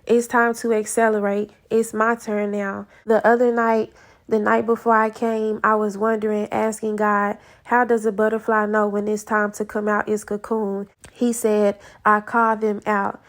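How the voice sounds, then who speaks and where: A woman's voice: medium pitch, a little slow. A woman telling a personal faith testimony in a casual vlog, acting out her own prayers as she goes. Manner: animated storytelling, acts out her own quoted prayers. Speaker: faith vlogger.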